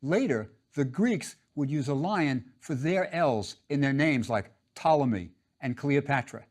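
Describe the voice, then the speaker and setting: A man's voice: medium pitch, animated, measured pace, a little mellow. A man teaching a drawing lesson, patient and step by step, repeating each instruction.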